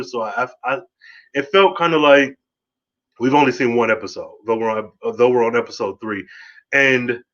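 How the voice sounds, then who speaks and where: A man hosting a podcast, giving a casual, rambling solo review of a TV episode, excitable and swearing freely. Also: medium pitch, muffled recording.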